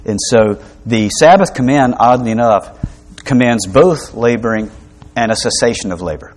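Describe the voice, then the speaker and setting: Speaking at a normal pace in a mid-range, slightly mellow voice, this man preaches a sermon. He teaches conversationally, dropping in asides and light humor, posing rhetorical questions, and often using fillers and restarting his sentences.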